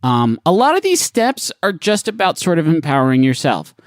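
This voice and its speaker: A man's voice: on the high side, huge pitch swings, normal speed, no room sound, clean studio sound. A man co-hosting a comedy podcast, reading web articles aloud and riffing on them with crude jokes. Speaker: podcast co-host.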